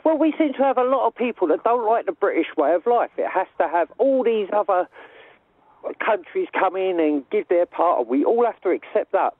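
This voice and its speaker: A man's voice: high-pitched, lively intonation, brisk. Man calling in over a phone line. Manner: earnest, repetitive complaining. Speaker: radio caller. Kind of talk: phone-in call.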